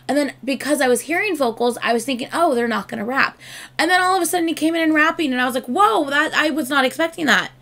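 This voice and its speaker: Gushing woman with a gravelly voice. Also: high-pitched, fairly bright tone. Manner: chatty, gushing, swears freely. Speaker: music video reactor. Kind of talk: casual reaction commentary.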